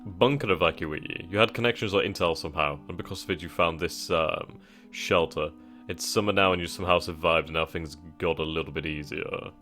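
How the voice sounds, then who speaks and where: Deep guy doing a let's-play, reads menus out and mulls choices, bit of music underneath. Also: a little fast. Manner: reads on-screen text aloud, thinks out loud with hesitations. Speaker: gaming channel host. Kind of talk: casual let's-play commentary.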